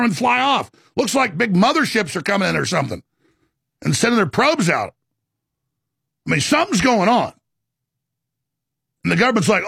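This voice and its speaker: A man's voice: extremely high pitch, lively intonation, a little fast, creaky, long pauses, pushed and bright, husky, no echo, studio quality. A man hosting a talk show, delivering an impassioned, rambling monologue with emphatic stresses and many stammered restarts.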